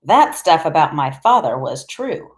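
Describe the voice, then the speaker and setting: A woman's voice: deep voice, big pitch swings, measured pace. A woman reading an audiobook, voicing a small, clever boy who talks in a boastful, theatrical way. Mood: cocky.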